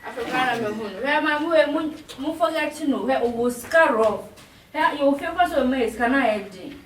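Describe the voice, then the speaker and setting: A Ghanaian woman trading lively, scolding banter in a comedy skit. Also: sits high, brisk. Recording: echoey room from far off, faint noise.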